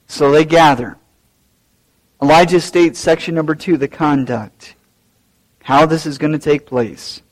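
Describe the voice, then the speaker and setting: A male pastor preaching a sermon, swinging between loud, raised lines and low, quiet asides. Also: measured pace, long pauses, low-quality recording.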